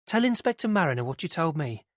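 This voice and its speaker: A man's voice: fairly high pitch, very animated, quick pace, dry recording, studio quality. A man voicing a practical police detective introducing a witness. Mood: brisk.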